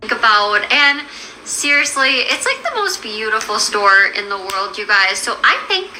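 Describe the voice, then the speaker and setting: A woman gushing in an excited vlog, packing her talk with filler likes. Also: medium pitch, moderate pace, a little hiss or hum, rough recording. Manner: gushing, filler-heavy, says like a lot.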